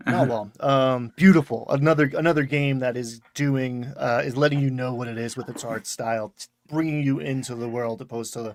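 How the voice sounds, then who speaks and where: A man's voice: mid-range voice, fairly even intonation, brisk, no room sound. A man with a Long Island accent hosting a casual chat, rambling and correcting himself with chuckles. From Long Island, New York. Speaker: podcast host.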